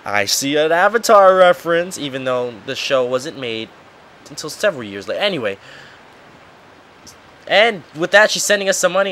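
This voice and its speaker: A man's voice: fairly high pitch, very animated, moderate pace, pauses often, fairly bright tone, a little hiss or hum. A man casually commenting on a video game as host, joking and swearing freely, over game music. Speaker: let's play host.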